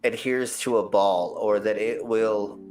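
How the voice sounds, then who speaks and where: A man's voice: fairly low pitch, steady tone, a little slow, darkish tone, soft background music. A man hosting a casual stream chat, talking in a loose, rambling way and swearing now and then. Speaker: host.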